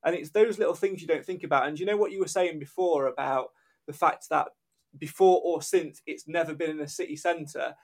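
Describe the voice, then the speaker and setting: A man hosting a podcast, mostly giving brief agreeing replies and then following up in a relaxed way. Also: fairly high pitch, fairly quick. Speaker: podcast host. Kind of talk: casual interview.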